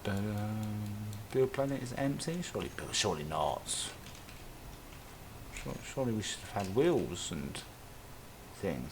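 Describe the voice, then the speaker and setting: A man's voice: fairly low pitch, lively intonation, a little slow, long pauses, background noise. A man live-streaming a game, chatting casually and thinking aloud as he builds, with plenty of self-talk and little tangents. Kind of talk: casual live-stream commentary while playing.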